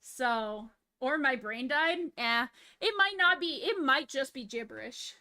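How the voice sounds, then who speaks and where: A woman streamer talking casually to her chat, unhurried and laid-back, with swearing that slips in easily. Her voice sits high and bright. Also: animated.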